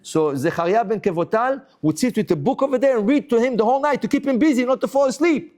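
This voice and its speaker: A rabbi tells a Talmud story to his class in a high, quick voice that jumps all over the place. He acts out each exchange with exclamations and questions, then stops to spell the point out again for his students. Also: expressive, darkish tone.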